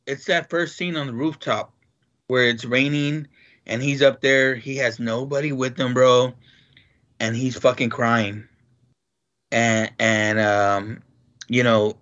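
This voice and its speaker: A man in casual chat, animated and excitable, swearing freely as he talks. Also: medium pitch, muffled recording.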